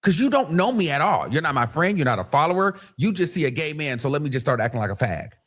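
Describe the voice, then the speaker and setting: A man's voice: fairly high pitch, quick pace. A man hosting a livestream, talking casually and acting out the voices of the people he quotes. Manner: animated, acts out quoted voices, many restarts. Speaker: livestream host.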